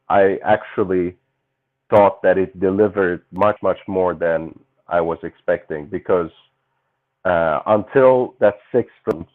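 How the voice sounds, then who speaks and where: Low-voiced man on dull call audio. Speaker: co-host. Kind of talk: casual live-stream chat.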